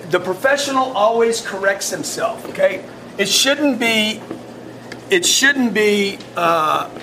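A man coaching his sales staff in a blunt, animated way, often restarting his sentences. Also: sits high, slight background noise. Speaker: sales team leader.

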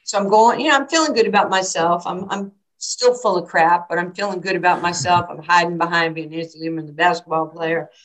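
A woman's voice: lowish voice, a little fast, hardly any pauses, low-quality recording. A woman, a basketball coach telling stories in an interview and acting out the quoted lines. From New York. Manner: animated storyteller, acts out quotes. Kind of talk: storytelling interview.

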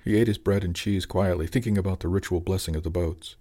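A man narrating an audiobook chapter in a calm, even storytelling manner. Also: deep voice, fast talker.

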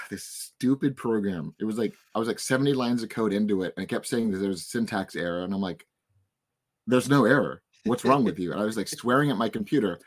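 A man in his twenties with a hoarse voice, hosting a podcast in casual chat and telling stories in an animated way. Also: fairly low pitch. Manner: animated storytelling, frustrated rants. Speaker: podcast host.

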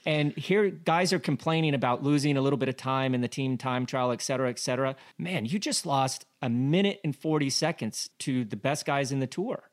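A man's voice: mid-range voice, brisk, few pauses. A man co-hosting a casual cycling talk show, analysing a race with lots of rhetorical questions and fillers. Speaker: cycling podcast co-host.

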